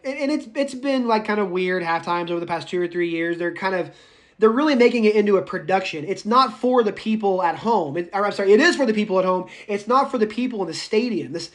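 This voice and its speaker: A male college instructor with a high voice talks through an audio lecture. He is chatty and wanders into asides, restarting his sentences as he goes. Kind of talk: informal recorded lecture.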